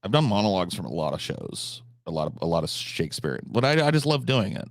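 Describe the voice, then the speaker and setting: A man's voice: on the low side, big pitch swings, quick pace, dry recording, clean studio sound. A man chatting casually on a live stream, answering chat questions, swearing freely, with frequent restarts and fillers.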